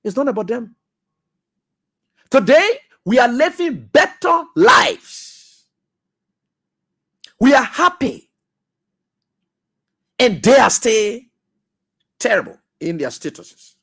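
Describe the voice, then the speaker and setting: Animated man on talk radio. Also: very high voice, takes it slowly, gravelly, pauses often, breathy edge. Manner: animated, scolding, mocking. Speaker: radio talk show host. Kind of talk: political commentary.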